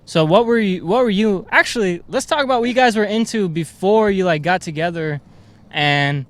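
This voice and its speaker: A man's voice: high-pitched, moderate pace, fairly bright tone. A young man hosting a podcast, chatting in a loose, laid-back way full of filler words and swearing. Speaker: podcast host. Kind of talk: casual chat.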